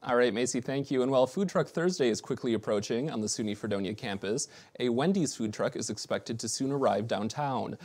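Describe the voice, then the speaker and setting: A young male anchor reading the news at a middle pitch. He speaks steadily but now and then trips over a word and corrects himself, in a plain college-station broadcast manner. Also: brisk, a little mellow. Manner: reads steadily, with small slips and self-corrections. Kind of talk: college TV newscast.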